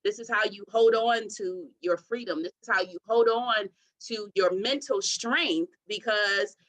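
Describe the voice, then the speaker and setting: Woman guest in her 30s from Detroit. Expressive, faith-centered storytelling, mid-range voice. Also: medium pitch, measured pace, low-quality recording. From Detroit, USA. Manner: expressive, testimony-style storytelling. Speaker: podcast guest. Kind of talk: faith-centered interview talk.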